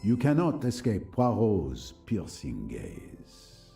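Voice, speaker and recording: A man voicing a fastidious older Belgian detective in a video game, formal and courteous as he questions people. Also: lowish voice, huge pitch swings, vocal fry, music in the background, exaggerated voice.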